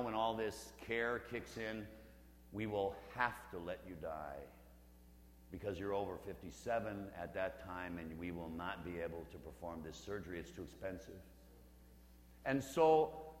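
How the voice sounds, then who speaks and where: A Catholic priest in his fifties preaches in a church with long, ringing reverb. He tells stories conversationally and with humor, sometimes dropping to a near-whisper for emphasis. A faint hum sits under his voice. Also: on the low side. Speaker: Catholic priest leading a parish mission. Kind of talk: storytelling sermon.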